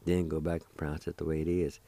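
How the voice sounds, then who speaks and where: A middle-aged man hosting a radio language lesson, patiently spelling out letters one by one and repeating each word slowly. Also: rumbling low, flat delivery, creaky, dark tone, dry recording. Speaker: radio host teaching the language.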